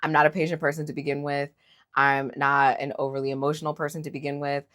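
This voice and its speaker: Low-pitched woman host, talky and opinionated, casual reality-TV recap. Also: fast talker. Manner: opinionated, animated, lots of fillers.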